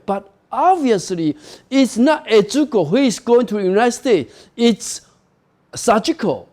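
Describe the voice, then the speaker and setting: Man, literature lecturer, slow, expressive intonation, "you know" and "okay?" asides. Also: high voice. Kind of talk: recorded university lecture.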